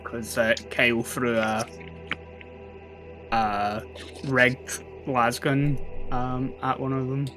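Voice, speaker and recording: A man acting as game master, recapping the last session in a relaxed, hesitant way with many fillers. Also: medium pitch, slow pace, long pauses, music in the background.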